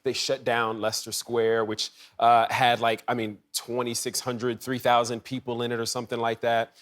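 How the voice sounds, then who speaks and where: A male actor as a talk show guest, telling an animated story with impressions and laughter. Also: mid-range voice, moderate pace. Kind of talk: late-night talk show interview.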